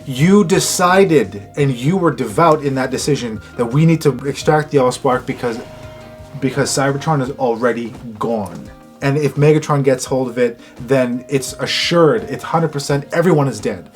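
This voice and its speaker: A male co-host reviews a show casually, sounding exasperated and rhetorical and mimicking the characters. His voice is medium-pitched at normal speed, with soft music in the background.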